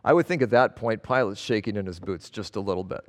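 Speaking fast in a lowish voice, this male pastor delivers a sermon, reading from scripture and unpacking it earnestly and emphatically, hitting words one at a time. The sound carries the long reverb of a big hall.

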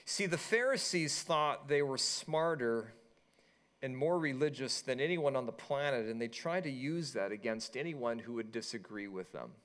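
Man preaching an animated sermon. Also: medium pitch, moderate pace. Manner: animated storytelling, acting out quoted voices. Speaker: pastor.

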